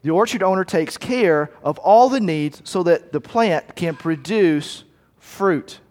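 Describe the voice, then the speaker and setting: An animated pastor, male, with a slightly higher voice and a darkish tone, talks through his sermon conversationally. Along the way come hushed asides and snappy acted moments, while the hall's long reverb lingers behind him.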